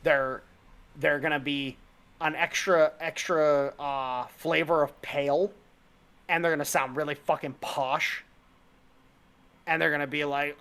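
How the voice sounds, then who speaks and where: A man's voice: on the high side, fairly even intonation, unhurried, fairly bright tone. Profane, heated man on a podcast. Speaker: podcast co-host. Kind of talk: casual podcast chat.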